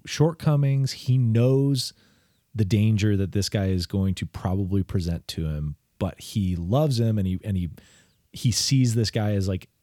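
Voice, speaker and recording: A man's voice: lowish voice, mellow, no echo, clean studio sound. A man co-hosting a podcast, talking about a film in a laid-back, rambling way with casual swearing. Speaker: podcast co-host.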